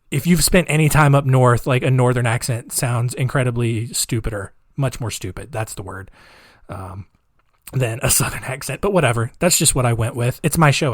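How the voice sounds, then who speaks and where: A man's voice: medium pitch, dry recording, studio quality. Offhand, rambling male podcast host. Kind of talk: casual podcast monologue.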